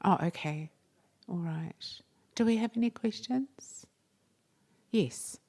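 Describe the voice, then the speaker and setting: A woman's voice: mid-range voice, lively intonation, slow, mellow. A woman from New Zealand moderating a festival session onstage, teasing and upbeat as she calls for questions. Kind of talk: live onstage conversation. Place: festival stage before an audience.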